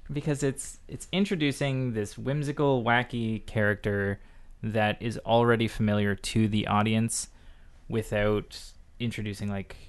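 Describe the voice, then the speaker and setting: A man hosting a podcast in casual chat, sarcastic and animated as he tells stories. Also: lowish voice, a little slow, clear, resonant tone. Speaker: podcast host.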